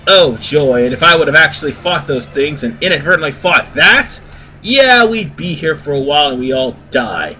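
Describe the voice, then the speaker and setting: A man with a fairly high, sharp-toned voice hosts a gaming video, offering chatty, rambling let's-play commentary at a moderate pace with lively intonation. He often corrects himself, and faint music plays behind him.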